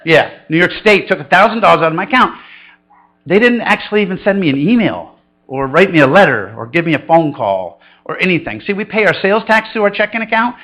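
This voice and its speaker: A man's voice: very animated, fast, a bit bright, rough recording. A middle-aged man preaching a conversational sermon, telling funny stories and acting out quoted voices. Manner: storytelling, conversational and humorous; acts out quoted voices with big pitch jumps. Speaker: pastor.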